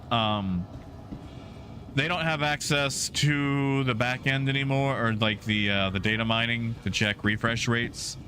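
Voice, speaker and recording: A man's voice: mid-range voice, a little slow, bright, forceful tone. A male game streamer chatting casually with his live viewers in a rambling, easygoing way with many fillers.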